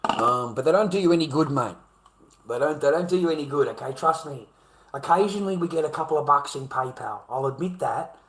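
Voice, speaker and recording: A middle-aged Australian man rants to his viewers in a rambling, profane way, full of casual slang. His voice sits at an ordinary pitch for a man. The sound has a noticeable echo, as if he is recording in a bare room. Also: a bit bright. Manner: profane, rambling, swears heavily. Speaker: video creator. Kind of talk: casual rant to camera.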